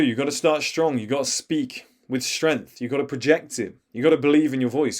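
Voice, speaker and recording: A man's voice: medium pitch, a little mellow. Emphatic man coaching on voice. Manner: emphatic, coaching, acts out examples. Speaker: body language coach. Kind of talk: commentary over video clips.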